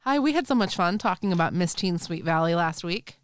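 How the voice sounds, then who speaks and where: A woman's voice: on the low side, animated, fairly quick, smooth, no room sound, clean studio sound. A woman hosting a podcast in casual chat, bubbly and laughing often. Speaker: podcast host.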